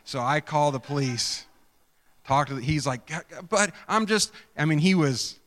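Animated male pastor in a reverberant hall. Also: mid-range voice, moderate pace. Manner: animated storyteller, swings from hushed to shouting. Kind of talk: sermon with storytelling.

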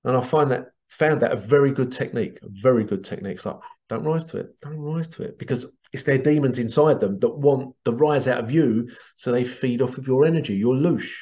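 Man, therapist monologue, mid-pitched voice, repeats himself, dull lo-fi audio. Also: brisk, hardly any pauses, warm tone. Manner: rambling, repeats phrases, acts out quoted voices. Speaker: healing therapist. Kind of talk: casual monologue to camera.

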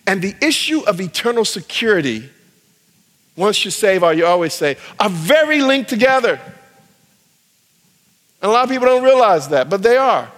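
Lively, bright-voiced male pastor preaching. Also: high-pitched. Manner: animated storytelling, acting out quoted voices. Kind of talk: sermon. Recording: long hall reverb.

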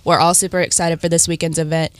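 A woman's voice: deep voice, little pitch movement, fast, dry recording. A woman in her twenties from West Virginia, a retired gymnast who is a guest on a morning radio show, answering in an upbeat, polished way. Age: 20s. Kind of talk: radio interview.

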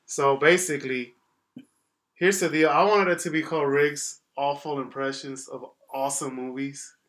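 A man's voice: on the high side, fairly even intonation, normal speed, a bit bright. A man from Indiana co-hosting a podcast, chatting casually and goofing around with friends, laughing often. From Indiana, USA. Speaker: podcast co-host. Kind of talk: casual chat among friends.

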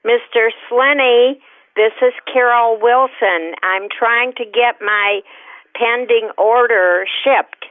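A woman's voice: fairly high pitch, slow, no echo. Confused woman on a tinny phone line. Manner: confused, mishearing names. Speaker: prank call target.

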